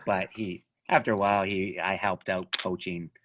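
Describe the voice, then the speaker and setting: A middle-aged man, a judo coach, chatting as a podcast guest and telling animated stories, often laughing and trailing off quietly. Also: sits low, moderate pace, slight background noise. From Canada. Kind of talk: casual podcast chat.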